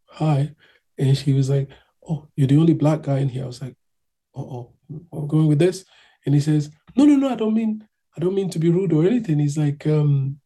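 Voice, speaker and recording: A man's voice: on the high side, gravelly, mellow, husky. A man from Nigeria telling his own story in casual chat, acting out other people's voices as he goes.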